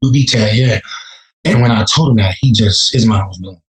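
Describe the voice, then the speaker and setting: A man's voice: fairly low pitch, normal speed, roomy sound, rough recording. A man from Chicago, a rapper, telling stories in a casual, profane podcast interview. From Chicago, USA. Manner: laid-back, profane, storytelling. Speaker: rapper guest.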